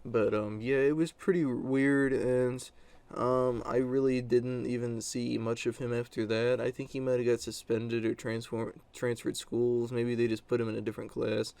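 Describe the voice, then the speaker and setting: A man's voice: mid-range voice, flat delivery, normal speed, vocal fry, darkish tone, clean tone, dry recording. A young adult man telling a story from his school days in a casual, blunt monologue, with many fillers and crude words.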